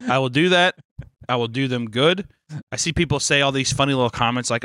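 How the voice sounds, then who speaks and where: A man co-hosts a casual podcast with a bright, sharp-edged voice. He talks in a profane, joking way and keeps things loose. The sound is dry and close. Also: mid-range voice, a little fast, no room sound. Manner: profane, joking, slips into mock Australian voices. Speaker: podcast co-host. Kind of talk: casual chat.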